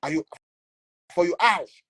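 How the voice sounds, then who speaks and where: A Cameroonian man, a blogger, scolding in animated Pidgin English and switching into French. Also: high-pitched, measured pace, slightly rough. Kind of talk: ranting commentary.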